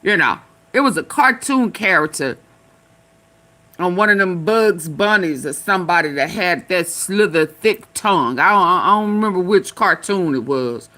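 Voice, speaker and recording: Sassy woman streamer, bright voice. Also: fairly low pitch, expressive, normal speed. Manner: sassy, talks back at the clips; loose colloquial slang. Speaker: live-stream host. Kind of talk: casual live-stream commentary.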